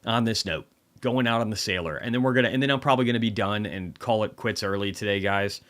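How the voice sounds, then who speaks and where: A man's voice: on the low side, quick pace, a bit bright. Tired, profane male market streamer. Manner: profane, rambling, offhand. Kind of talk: casual livestream talk.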